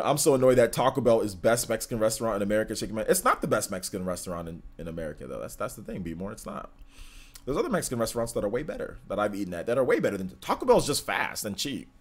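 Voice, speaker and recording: Brief: young male streamer, mid-pitched, casual rambling chat with viewers, plenty of ums and likes. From California. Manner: rambling, filler-heavy, reads chat aloud. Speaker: streamer host.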